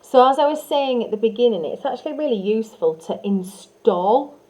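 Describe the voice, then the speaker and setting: A woman teaching hypnotherapy technique in a calm, soothing way, sometimes dropping to soft whispers to demonstrate. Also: a little high, a little fast, poor audio. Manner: frequent fillers and restarts. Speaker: hypnotherapy trainer. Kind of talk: instructional teaching talk.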